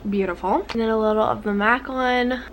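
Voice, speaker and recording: A woman's voice: mid-range voice, fast, a little hiss or hum. A woman beauty vlogger talking through a makeup tutorial in a bubbly, gushing, casual way, full of little fillers.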